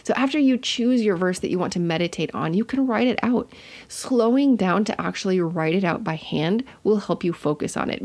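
A woman hosting a podcast, talking casually as she teaches listeners, chatty and correcting herself as she goes. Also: on the low side. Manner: chatty and warm-hearted, with self-corrections. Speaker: podcast host.

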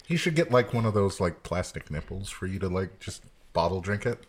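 Low-voiced man hosting a casual podcast. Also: expressive, a little fast. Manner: joking, rambling with fillers. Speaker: podcast host. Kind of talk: casual chat over beers.

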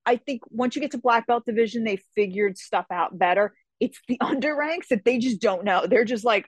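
A woman chats as an interview guest, telling stories with lots of life and slipping into quick voices for other people. Her voice sits a little high, and the recording is dry and close with no room sound. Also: dry recording. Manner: animated, acts out others' lines in quick voices; laughs between phrases. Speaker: guest, fantasy novelist and martial artist. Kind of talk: casual interview storytelling.

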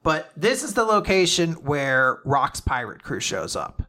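Animated, laughing male podcast host. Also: on the high side, unhurried. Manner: animated, profane, laughs often. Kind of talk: casual chat recapping manga chapters.

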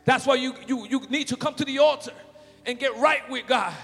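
A man preaching a fervent sermon in a church, shouting and calling out hallelujahs. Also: extremely high pitch, brisk, vocal fry. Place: church sanctuary. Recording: long hall reverb with faint music.

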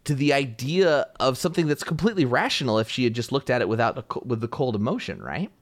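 A man hosting a podcast, telling a story in a casual, animated way and laughing often. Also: mid-range voice, quick pace, no echo, clean studio sound. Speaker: podcast host.

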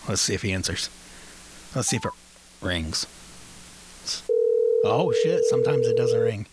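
A podcast host chatting on the phone in a loose, profane way, laughing often and rambling through restarts. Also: male voice, medium pitch, animated, a little slow, heavy background noise. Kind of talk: casual phone chat.

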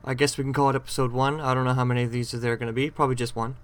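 A man's voice: mid-range voice, flat delivery, rapid-fire. A man hosting a podcast on his own, recapping a TV episode in a rambling, chatty way with frequent self-corrections. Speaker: podcast host.

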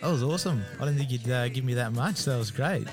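Australian male podcast host, friendly and encouraging, clear guitar music playing under him. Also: mid-range voice, quick pace. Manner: friendly, affirming, short replies. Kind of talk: casual podcast interview.

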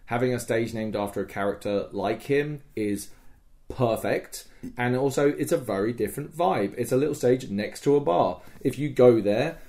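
A man's voice: mid-range voice, moderate pace. A man co-hosting a podcast, chatting casually and acting out remembered conversations with animation. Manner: animated, acts out quoted dialogue in conversation. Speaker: podcast co-host. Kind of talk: casual chat about a live-action roleplay event.

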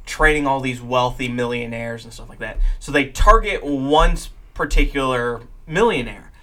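Bright-voiced man recapping a film plot. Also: mid-range voice, normal speed. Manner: explains plots at length. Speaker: podcast co-host. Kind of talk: casual movie review chat.

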